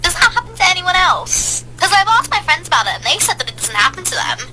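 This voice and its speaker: A woman's voice: very high-pitched, sing-song, fast talker, pushed and bright, slight background noise, poor audio. A woman telling relatable stories in a casual voice-over, chatty and full of rhetorical questions.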